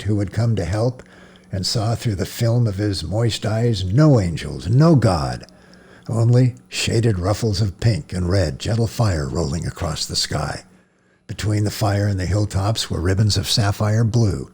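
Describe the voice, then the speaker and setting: A man reading a novel aloud as narrator, measured, with occasional slips and restarts. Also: lowish voice, dark tone, slightly rough. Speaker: audiobook narrator.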